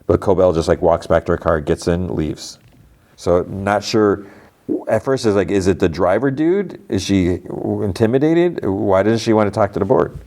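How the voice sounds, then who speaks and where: A man's voice: deep voice, lively intonation, moderate pace, a little mellow. A man hosting a podcast, casually recapping a TV episode in a loose, rambling way full of filler words. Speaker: podcast host.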